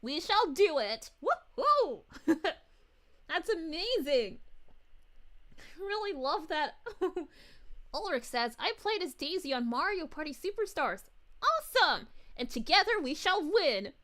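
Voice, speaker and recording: A woman's voice: very high-pitched, very animated, slow pace, sharp tone, full character voice. A woman voicing a bubbly, cheerful young princess, greeting viewers exclamatorily and with giggles. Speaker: VTuber streamer. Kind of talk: in-character livestream chat reading.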